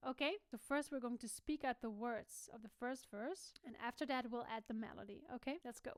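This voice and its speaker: A woman's voice: a little high, a little fast, few pauses, dry recording. A young woman, teaching a singing lesson and stopping to demonstrate sounds herself. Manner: demonstrative, switching between explaining and sung or spoken examples. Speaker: vocal coach.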